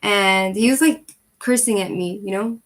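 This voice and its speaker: A woman's voice: mid-range voice, moderate pace. A woman in her thirties telling a personal story in casual chat, rambling with fillers and breaking into laughs. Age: 30s. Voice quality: rambling, animated, frequent fillers. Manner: laughs between sentences. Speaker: channel host.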